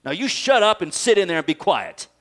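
Preacher doing stern shop owner, scolding tone, high pitch. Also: male voice, sing-song, brisk, sharp tone, exaggerated voice. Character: stern pet store owner scolding his parrot.

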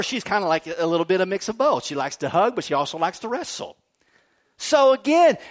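A middle-aged male pastor giving a sermon in an animated, jokey way, often checking in with "right?". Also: high-pitched. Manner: animated, jokey preaching with frequent "right?" asides.

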